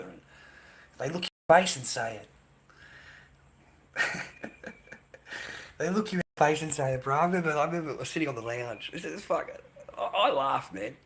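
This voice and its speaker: Bright-voiced, bitter Australian man ranting. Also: a little high, lively intonation, moderate pace, pauses often. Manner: bitter, profane, repeats himself. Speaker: livestreamer. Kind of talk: rambling live-stream monologue.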